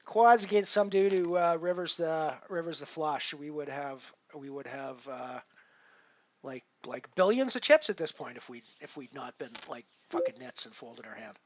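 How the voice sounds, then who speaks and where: A man's voice: a little high, moderate pace, highs cut off, slight background noise. A man casually chatting to his viewers while he plays online poker, rambling with lots of fillers and restarts. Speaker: poker streamer. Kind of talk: casual live-stream commentary.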